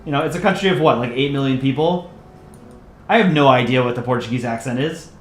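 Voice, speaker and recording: A man's voice: medium pitch, quick pace, slight background noise. Joking, rambling male streamer. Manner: joking, rambling, self-deprecating. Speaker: livestream host and channel voice actor. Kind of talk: casual livestream chat reading viewer messages. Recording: roomy echo, faint ambience.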